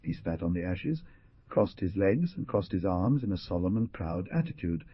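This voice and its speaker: A man reading a novel aloud as an audiobook narrator, in a measured storytelling manner. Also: low voice, very animated, husky, lo-fi sound. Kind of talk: scripted narration.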